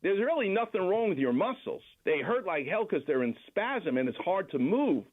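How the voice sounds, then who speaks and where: A man's voice: high-pitched, sing-song, moderate pace. A man, a doctor guest, calling in and telling stories in casual chat over a phone line. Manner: storytelling, explanatory.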